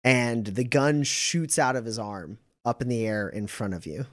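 A man's voice: mid-range voice, expressive, a little slow, fairly bright tone. A man running a tabletop game as game master, narrating casually with frequent fillers.

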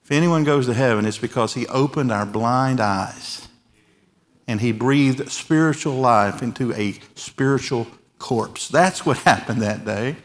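A pastor in his forties preaching a sermon in a large church, earnest and emphatic, letting key phrases drop soft and quiet. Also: medium pitch, unhurried. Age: 40s. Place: large church with overflow rooms.

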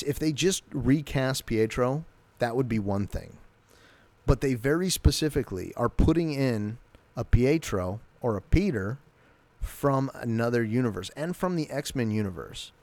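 A man's voice: medium pitch, a little mellow, no echo. A man giving a casual, enthusiastic recap of a TV episode, loosely retelling scenes. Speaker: show recap host.

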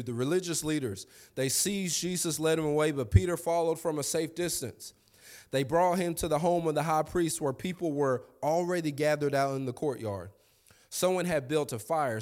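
A man's voice: a little high, darkish tone. A young man, preaching a sermon in a conversational, storytelling way with asides to the congregation. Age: young adult.

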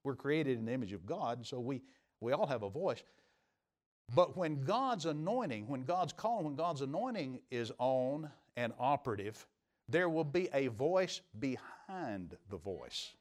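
A middle-aged man preaching as pastor in a church, building to emphatic peaks and dropping to quiet, confiding asides. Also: mid-range voice, sing-song, a little slow. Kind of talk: sermon. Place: church sanctuary.

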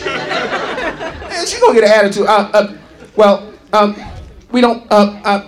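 A high-pitched man tears through a loud, profane stand-up set, his voice leaping all over the place. He shouts, mocks and imitates singers over a live club crowd that laughs and claps. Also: very animated, a little slow, long pauses. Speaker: stand-up comedian. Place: comedy club stage. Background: audience laughing and clapping.

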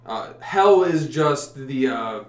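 A man in casual conversation about a movie, chiming in and correcting details in a relaxed way. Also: medium pitch, takes it slowly. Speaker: podcast co-host. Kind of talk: casual movie recap chat. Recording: echoey room.

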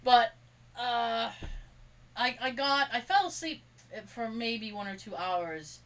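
A woman's voice: on the high side, slow, distant mic, poor audio. A woman co-hosting a podcast, telling rambling stories in casual chat and acting out the quotes. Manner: rambling storyteller, acts out quotes, laughs often. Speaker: podcast co-host.

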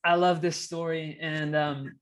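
Man, co-host, reflective, encouraging, higher pitch, monotone. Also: unhurried. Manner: reflective, encouraging, many fillers. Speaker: podcast co-host. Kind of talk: casual chat.

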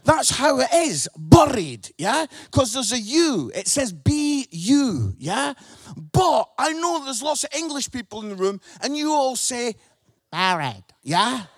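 A Scottish man preaching to a church congregation with a strikingly high voice. He talks in an animated, emphatic way and keeps checking in with his listeners. The sound is close and dry, with hardly any room around it. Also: measured pace, no echo. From Scotland. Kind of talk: lively sermon.

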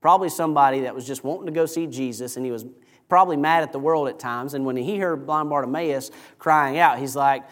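A man preaching a sermon in a church, retelling a story in a lively, animated way. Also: medium pitch, brisk, in a large hall. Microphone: microphone over PA.

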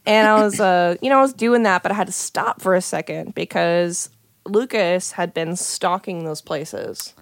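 A woman's voice: lowish voice, normal speed, creaky, no echo, clean studio sound. A young woman telling a story in casual chat, chatty and profane, with many "like" fillers.

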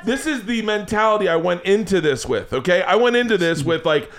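Lively high-voiced male storyteller. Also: fairly quick, hardly any pauses. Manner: animated, profane, acts out other people's lines. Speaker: podcast host. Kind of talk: casual comic storytelling.

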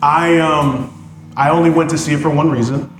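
A man preaching, telling a story with lively swings from loud exclamations to quiet prayer. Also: on the high side, moderate pace, a little hiss or hum. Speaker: pastor. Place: church sanctuary. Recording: echoey church hall with music behind.

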